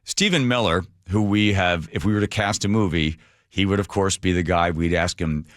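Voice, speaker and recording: A man's voice: sits low, normal speed, no room sound, studio quality. A middle-aged man hosting a radio talk show, delivering a sarcastic, mocking monologue and acting out quotes in a raised voice. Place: radio studio. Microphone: studio microphone.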